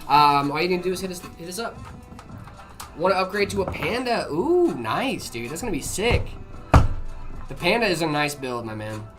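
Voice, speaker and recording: A relaxed livestream host chatting with viewers about PC builds, drifting through fillers as the questions are read aloud. The voice sits mid-range, and faint music plays underneath. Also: medium pitch, normal speed. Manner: laid-back, filler-heavy, reads chat aloud. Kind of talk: casual live chat answering viewer questions.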